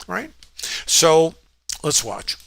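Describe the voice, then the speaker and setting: Man as trading educator, bright voice, dry close mic, thinking aloud with restarts. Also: a little high, big pitch swings, drawn-out words, vocal fry, no echo. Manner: reflective, stresses points, many fillers and restarts. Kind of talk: screen-share trading walkthrough.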